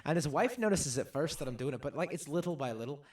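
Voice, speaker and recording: A man co-hosting a let's play, telling a story in casual chat, animated and rambling. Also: fairly high pitch. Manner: animated, rambling, quick bursts.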